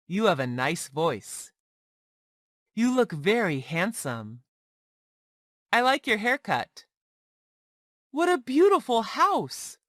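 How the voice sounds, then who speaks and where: A woman reads learner phrases one by one at an unhurried pace. Her pitch moves a lot between lines. The sound is close and dry, with no room around it. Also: fairly bright tone, no room sound. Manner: slow, deliberate drill reading, one phrase at a time. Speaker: English teacher. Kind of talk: reading practice phrases for learners.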